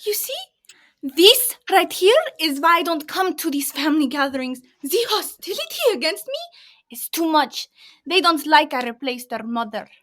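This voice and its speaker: Brief: woman as melodramatic stepmother, vampire-ish foreign accent, high voice. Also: sing-song, moderate pace, pushed and bright, exaggerated voice. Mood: haughty. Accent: put-on foreign accent, vampire-like. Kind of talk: school play over video call.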